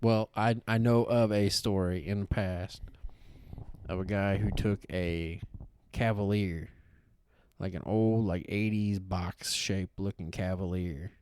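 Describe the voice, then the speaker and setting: A man's voice: deep voice, slow, smooth. A man, co-hosting a podcast and telling a long rambling story with lots of swearing. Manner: rambling, profane, animated storyteller. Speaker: podcast co-host. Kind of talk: casual storytelling chat.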